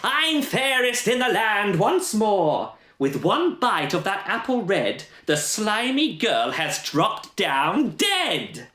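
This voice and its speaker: A man voicing a wicked, scheming queen who gloats in a slow, drawn-out way. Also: high voice, big pitch swings, sharp tone, voice pushed up, full character voice. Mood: gloating. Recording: roomy echo.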